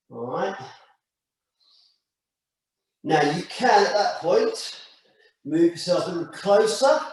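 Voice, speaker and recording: Calm, slow stretching instructor, man. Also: a little high. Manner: slow, calm step-by-step cues. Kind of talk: guided exercise class. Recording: echoey room, mic far off.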